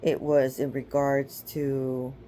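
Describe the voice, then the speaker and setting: A woman with a bass voice and dark tone speaks slowly with little pitch movement, a little hiss or hum in the audio. She's giving a chatty, informal spiritual teaching, retelling scripture with acted-out quotes and repeatedly checking in with listeners via "okay?" and "right?".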